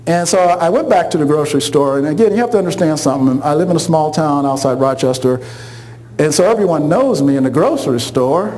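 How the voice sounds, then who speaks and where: A man's voice: on the high side, fast talker, rough recording. A middle-aged man telling a funny personal story, acting out the voices of the people in it. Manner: animated, acts out quoted voices, laughs along.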